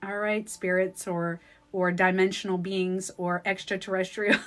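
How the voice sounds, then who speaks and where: A woman's voice: mid-range voice, flat delivery, a little slow. A woman talking casually and emotionally to her livestream viewers, emphatic, swearing now and then, often checking in with "okay?". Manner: addresses viewers by name. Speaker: spiritual vlogger.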